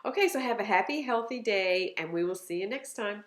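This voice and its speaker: A woman's voice: medium pitch, lively intonation, fairly quick. A woman co-host giving upbeat, practical tips to parents in a casual chat. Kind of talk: informal parenting talk. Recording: echoey room.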